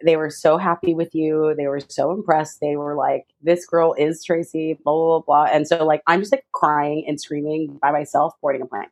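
A young woman telling a lively personal story as an interview guest, acting out other people's voices with big jumps in pitch. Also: moderate pace, hardly any pauses. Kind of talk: animated storytelling.

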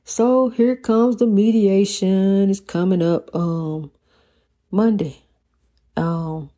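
A woman's voice: lowish voice, steady tone, slow pace, warm tone. A woman giving an inspirational talk about faith, preaching in repeated phrases and calling the listener "honey.". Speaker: spiritual vlogger. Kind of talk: inspirational monologue.

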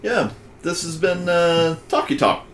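A man's voice: a little high, expressive, unhurried, fairly bright tone, a little hiss or hum. A man co-hosting a casual podcast chat, reading out draft picks and stumbling over names. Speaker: podcast co-host.

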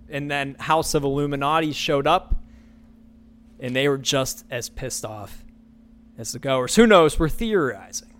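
A man's voice: mid-range voice, a little slow, fairly bright tone. A man hosting a podcast, talking in a loose, sarcastic and incredulous way, rambling through his thoughts. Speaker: podcast host. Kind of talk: casual commentary.

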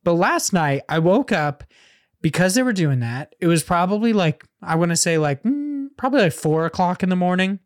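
A man's voice: sits high, very animated, normal speed. A man co-hosting a podcast, telling a rambling, profane story in casual chat. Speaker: podcast co-host.

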